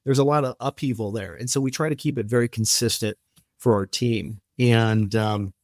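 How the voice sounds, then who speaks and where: A man's voice: mid-range voice, normal speed, no room sound, clean studio sound. A man as a podcast guest, telling stories and acting out the dialogue, with frequent restarts. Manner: animated storyteller, acts out quoted dialogue, frequent restarts. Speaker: podcast guest, company founder. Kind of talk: storytelling in casual interview.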